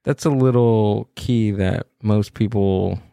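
Man, podcast host, lowish voice, relaxed reflective chat, dry sound. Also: slow pace, vocal fry, clean tone, no echo. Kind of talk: casual interview chat.

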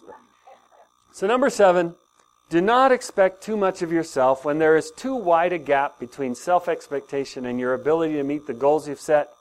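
An older man preaching a sermon to his congregation, animated and often laughing as he talks. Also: fairly high pitch. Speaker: pastor.

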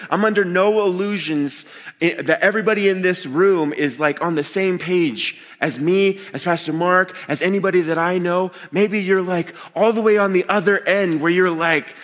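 A man preaching a sermon to a live congregation in a conversational, animated way, with expressive groans of disgust and quick voiced asides. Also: big-room sound. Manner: conversational and animated, acting out quotes with sharp pitch jumps.

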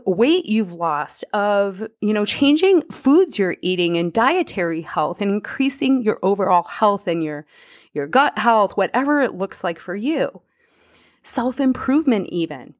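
Woman podcast host, motivational coach type, energetic and encouraging, mid-range voice. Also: mid-range voice. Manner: energetic, cheering listeners on, laughs at own slips. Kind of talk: upbeat motivational podcast talk.

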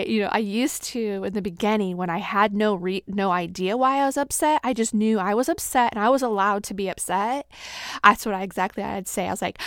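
A woman's voice: medium pitch, moderate pace, no echo, studio quality. A woman hosting a podcast, candidly telling personal stories and acting out what people said. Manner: candid storyteller, acts out quotes with bursts of speed. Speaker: podcast host. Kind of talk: personal reflective talk.

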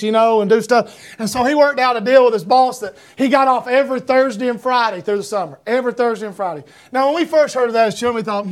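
A middle-aged preacher with a Georgia accent, telling rambling, self-deprecating stories in a sermon with lots of restarts, sometimes rising into shouts. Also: male voice, very high voice. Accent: Southern US, Georgia. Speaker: pastor.

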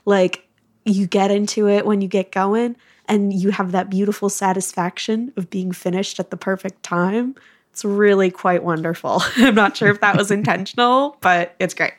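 A bubbly woman co-hosting a music podcast in relaxed conversation. Her voice sits in a middle register and she laughs easily between remarks. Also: medium pitch, moderate pace. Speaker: podcast co-host. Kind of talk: casual podcast chat.

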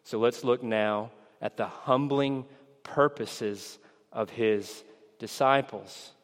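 A man preaching a sermon in an earnest, measured way, stressing key words and acting out the disciples' words in a raised, excited voice. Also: mid-range voice. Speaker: pastor. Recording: long hall reverb.

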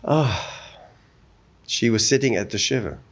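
A man teaching a Torah text in a study discussion, telling stories with animated acted-out voices. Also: fairly low pitch, a little slow, breathy edge. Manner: animated storytelling, acts out quoted voices. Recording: dull lo-fi recording.

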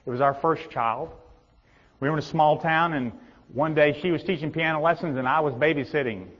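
A middle-aged male pastor preaching a sermon, swinging between loud emphatic peaks and hushed low tones. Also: fairly quick. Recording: dull reverberant hall sound.

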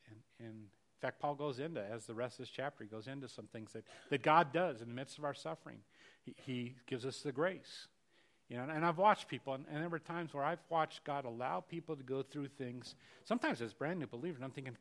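A middle-aged male pastor preaching a sermon earnestly, repeating words and swinging between loud rises and quiet passages. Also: medium pitch, expressive, a little fast.

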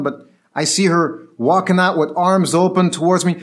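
A man telling a personal story in a casual, animated way, acting out the quoted voices of the people in it. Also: fairly high pitch, moderate pace.

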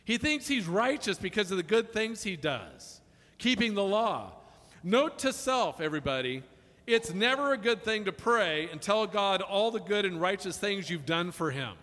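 A man's voice: high voice, lively intonation, moderate pace, sharp tone. A man preaching a sermon, telling funny stories in a chatty way before turning earnest. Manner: chatty, jokey storytelling building to earnest preaching. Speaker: pastor. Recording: long reverb of a large hall.

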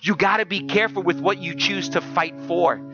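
A pastor preaching a sermon in church, moving between quiet talk and loud, emotional preaching. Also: male voice, high-pitched, fairly even intonation, brisk, dull audio, over music.

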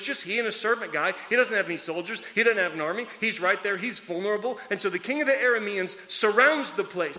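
A male pastor preaches in a loose, conversational way, acting out his stories with energy and then sinking into quiet, low emphasis. His voice sits high and sounds bright. It rings out into a long hall reverb. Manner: conversational, animated storytelling, drops soft and low for emphasis. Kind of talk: sermon.

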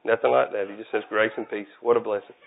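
A man's voice: fairly low pitch, little pitch movement, quick pace, creaky. A man preaching a casual, conversational sermon, folksy and self-deprecating. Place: church. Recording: tinny phone-like audio.

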